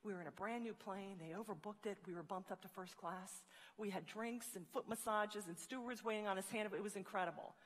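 A woman playing a salon client telling of a wonderful trip in a soft, awed voice, in a big echoing hall. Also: mid-range voice, a little fast, voice pushed down, natural voice. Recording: long reverb of a large hall.

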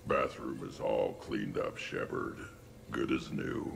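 An actor playing a hungover young male krogan warrior with a deep gravelly growl, for a video game. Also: slow, full character voice. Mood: gruff.

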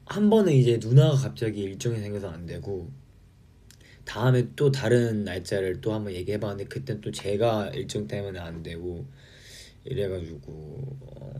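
A man casually chatting with fans on a livestream, reading out and answering their comments in a relaxed way. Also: fairly low pitch, breathy edge. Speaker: livestream host.

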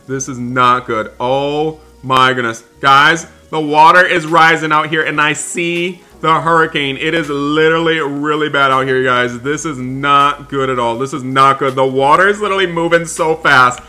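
A man narrating a game roleplay with anxious excitement, often repeating himself. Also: medium pitch.

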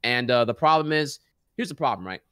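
A man's voice: mid-range voice, lively intonation, brisk, fairly bright tone, smooth, no echo, studio quality. A man on a casual podcast, ranting in exasperation and saying dude a lot. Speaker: podcast co-host. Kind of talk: casual chat.

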